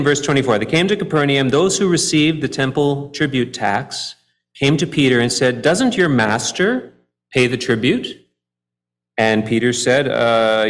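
Guy preaching, explains the bible verse by verse, gets loud then drops real soft. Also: medium pitch. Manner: expressive preaching, swings from soft to emphatic. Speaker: pastor. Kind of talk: sermon.

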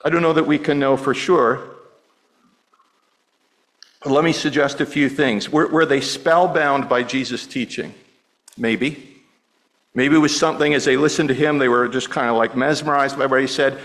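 A man's voice: medium pitch, fairly even intonation, normal speed, long pauses, fairly bright tone, rough recording. Middle-aged male pastor with stammering restarts. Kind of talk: sermon.

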